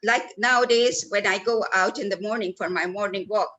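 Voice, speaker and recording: A woman's voice: medium pitch, normal speed, a bit bright, highs cut off. A woman leading a training workshop, stressing words for effect and speaking to listeners by name. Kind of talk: lively training talk. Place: lecture hall.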